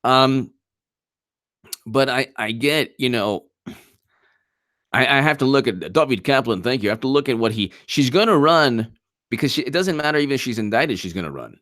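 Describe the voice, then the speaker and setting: A man hosting casual live political commentary, sarcastic and animated, often restarting mid-sentence. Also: medium pitch, moderate pace, pauses often, no echo, studio quality.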